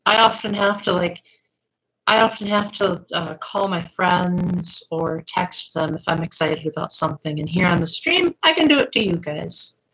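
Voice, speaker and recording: A woman's voice: on the low side, lively intonation, normal speed, fairly bright tone, low-quality recording. Chatty young woman streamer. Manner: chatty, reads and answers viewer comments. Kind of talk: casual live-stream chat.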